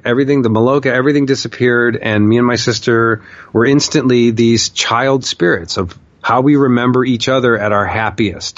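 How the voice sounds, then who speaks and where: A man's voice: mid-range voice, no room sound, dull audio. A man casually telling a long personal story, swearing freely and often saying "like.". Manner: candid, profane, with frequent "like" fillers.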